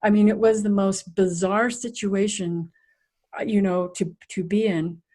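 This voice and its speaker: Speaking at a measured pace with a medium-pitched voice, a middle-aged woman relates a personal story in an interview. She's a resilience coach, and she acts out the scenes in a vivid, animated way.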